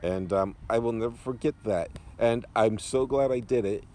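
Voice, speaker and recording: A man's voice: on the low side, normal speed, slight background noise. A man telling a long funny story about a past gig, laughing often as he goes. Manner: animated, laughs often while telling jokes. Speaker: guest storyteller. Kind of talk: casual anecdote telling.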